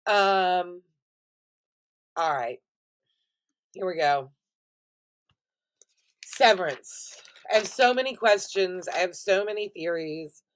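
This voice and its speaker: Chatty middle-aged woman, lowish voice. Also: takes it slowly, pauses often. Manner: chatty, expressive and profane, addresses viewers directly. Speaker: vlogger reviewing TV shows. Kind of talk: casual chatty recap vlog.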